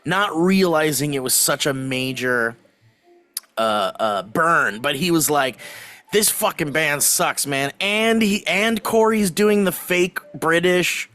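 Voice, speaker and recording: A man co-hosting a comedy podcast, chatting casually with quick bursts and frequent laughter. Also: a little high, bright, forceful tone. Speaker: podcast co-host.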